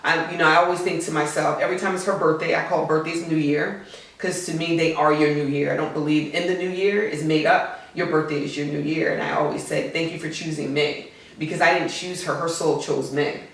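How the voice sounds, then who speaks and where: A woman's voice: low voice, fairly even intonation, a little fast. A woman in her forties, a podcast guest, talking in a heartfelt, earnest and outspoken way as a mother. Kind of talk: casual podcast chat. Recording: echoey room, distant mic.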